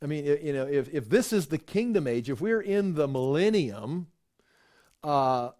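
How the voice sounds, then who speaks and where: A middle-aged man, a pastor teaching a Bible study in a loose, conversational way, repeating words and bursting into animated bits when he acts out pain. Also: fairly high pitch, normal speed.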